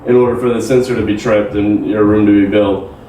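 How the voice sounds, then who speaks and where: A man's voice: fairly low pitch, fairly even intonation, fast talker, mellow, a little hiss or hum, voice pushed down, natural voice. A man voicing a polite male hotel service clerk who explains things patiently with small hesitations. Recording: echoey room, distant mic.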